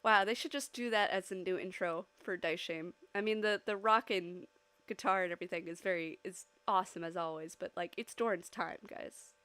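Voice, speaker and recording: A woman streaming live while she draws, chatting casually with her audience, giggling often and bursting into loud, excited squeals. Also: on the low side, normal speed, smooth, dry recording.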